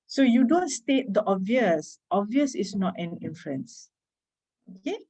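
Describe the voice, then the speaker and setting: A woman with a Malaysian English accent giving an informal reading-skills lecture, chatty, asking her listeners quick tag questions and laughing lightly between points. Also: medium pitch, animated, dark tone, slightly rough, low-quality recording. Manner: chatty, code-switching, asks rhetorical tag questions. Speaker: reading workshop speaker.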